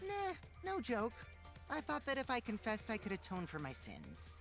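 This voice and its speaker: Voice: mid-range voice, wildly swooping pitch, normal speed, over music. An actor playing a mischievous teenage boy liar in dubbed game dialogue, glib and playful. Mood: teasing.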